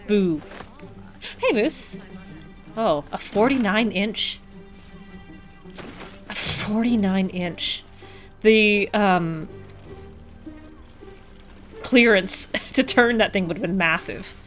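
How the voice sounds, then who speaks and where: A woman's voice: medium pitch, very slow, pauses often, faint music behind. A woman streaming a video game, reading its text aloud with wry, chatty asides.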